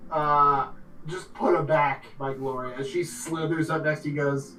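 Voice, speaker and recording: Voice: mid-range voice, steady tone, unhurried, bright, forceful tone, slight background noise. A game master narrating a tabletop game casually, with lots of fillers. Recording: echoey room.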